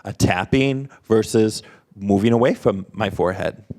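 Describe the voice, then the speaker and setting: A man's voice: fairly low pitch, normal speed, a little mellow. A man voicing a presenter at an interactive workshop, quizzing the audience with short prompts and questions.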